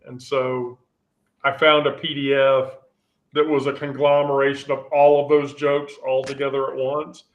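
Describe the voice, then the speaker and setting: A man hosting a relaxed group chat, rambling and often restarting his sentences. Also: medium pitch, normal speed, dull audio. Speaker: host. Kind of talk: casual chat.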